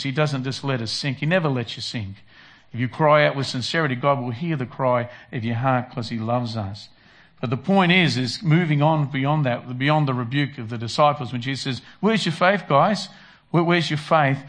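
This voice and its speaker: A man's voice: mid-range voice, a bit bright. A man preaching a conversational sermon who acts out prayers and Bible voices. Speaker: pastor.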